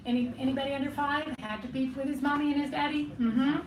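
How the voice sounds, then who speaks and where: A woman at a cafe open mic, making chatty, halting remarks to the audience with many fillers. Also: high-pitched, steady tone, noisy background. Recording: roomy cafe sound from a distance.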